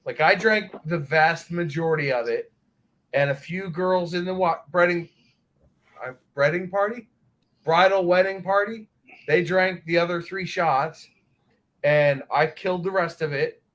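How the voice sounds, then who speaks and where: A man's voice: a little high, unhurried, a bit bright, rough recording. A man telling a long, profane story in casual chat on a livestream.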